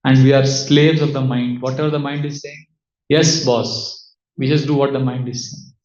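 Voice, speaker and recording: Speaking with a medium, level pitch and a slightly mellow quality, a spiritual teacher leads a devotional session with questions from the audience. He stays measured, raising rhetorical questions and answering them on his own, in a roomy, somewhat dull-sounding recording.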